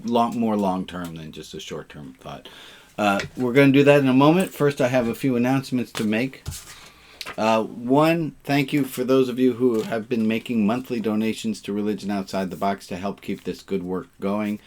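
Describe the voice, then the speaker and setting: A man's voice: on the low side, moderate pace, a little mellow. A man leading an informal online service as rabbi, chatting and cracking puns with his congregation over a video call. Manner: jovial, punning, chatty with the congregation.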